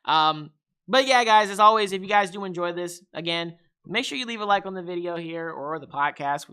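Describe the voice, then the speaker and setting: Young guy hosting a tech podcast, super bright voice, laughs a lot, does silly gadget voices. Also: high-pitched, lively intonation, brisk, smooth. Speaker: podcast host. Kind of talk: casual tech podcast chat.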